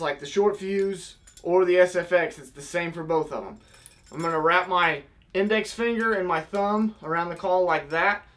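A man's voice: fairly high pitch, a bit bright. A young man casually teaching, step by step, how to blow a goose call. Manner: step-by-step, demonstrating with vocal honk sounds.

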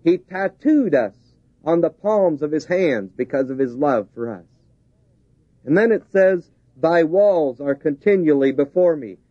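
A man's voice: a little high, lively intonation, a little slow, no room sound. A man preaching a sermon, driving his points home with repeated, rising emphasis. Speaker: pastor. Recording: dull lo-fi 1970s tape.

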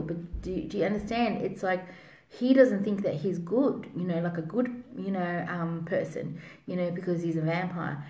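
A woman psychic giving a spiritual reading in a rambling way, full of fillers. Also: mid-range voice. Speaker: psychic reader. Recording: roomy echo.

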